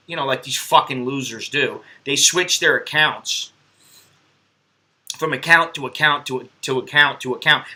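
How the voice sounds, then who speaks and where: Blunt, profane man with a bright voice. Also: a little high. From United States. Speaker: live stream host. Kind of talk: casual rambling live stream chat.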